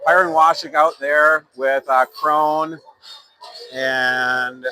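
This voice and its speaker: A man with a fairly high, sharp voice calls youth hockey play-by-play very slowly and with fairly even intonation, rambling casually with fillers, self-corrections and sponsor plugs read between plays. The recording is rough.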